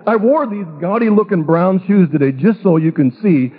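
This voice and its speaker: A man's voice: high voice, expressive, normal speed, slightly rough. A middle-aged man, a pastor, telling a humorous, self-mocking story from his life. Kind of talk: storytelling testimony talk. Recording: tinny phone-like radio broadcast.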